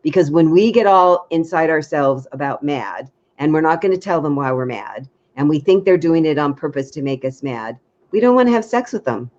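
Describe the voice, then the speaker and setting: A woman dating coach giving frank, lively advice in a casual chat, acting out little quotes. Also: deep voice, normal speed, dull audio.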